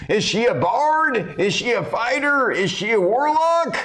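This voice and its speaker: A man voicing an excitable male arena announcer in a tabletop game, exclaiming question after question. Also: extremely high pitch, measured pace, voice pushed up, exaggerated voice. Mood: excited. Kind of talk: tabletop game role-play.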